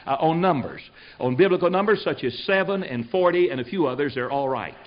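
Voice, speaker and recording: A man's voice: a little high, animated, fairly quick. An older man, a preacher, telling stories as a guest on a talk show, in a folksy and emphatic way that repeats phrases for effect. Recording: dull lo-fi recording.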